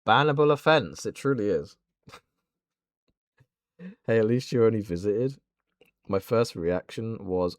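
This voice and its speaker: A man's voice: on the low side, expressive, a little slow, pauses often, no room sound. A man with a southern English accent chatting casually and bantering with mock indignation on a gaming livestream. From southern England. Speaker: streamer. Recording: dry close mic with faint game music.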